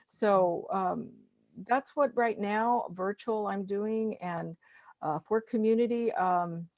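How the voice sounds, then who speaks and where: Low gravelly-voiced woman, halting talk. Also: darkish tone, no echo, dull audio. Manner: halting, many fillers and restarts. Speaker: guest speaker, master gardener. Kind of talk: casual conversational talk.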